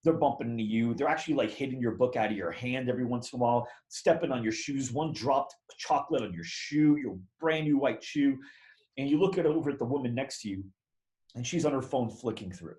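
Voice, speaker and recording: A man talking as a podcast guest, telling a story in a rambling, animated way with casual swearing. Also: medium pitch, fairly quick.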